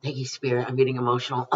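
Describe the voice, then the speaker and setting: A woman's voice: rumbling low, recorded from a distance, highs cut off. Rambling middle-aged woman psychic, off-mic. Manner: rambling, emphatic and affectionate, calls listeners honey and you guys. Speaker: psychic card reader. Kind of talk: spiritual card reading to camera.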